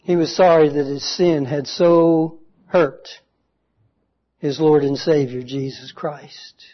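A man preaching a sermon, telling a story slowly and earnestly with dramatic pauses. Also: fairly high pitch, fairly even intonation, lo-fi sound.

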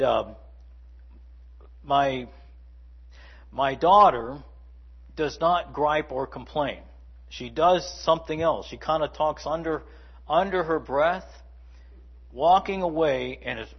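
Husky-voiced man preaching conversationally. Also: fairly high pitch, muffled recording. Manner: conversational preaching with asides and mimicry. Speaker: pastor. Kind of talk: sermon.

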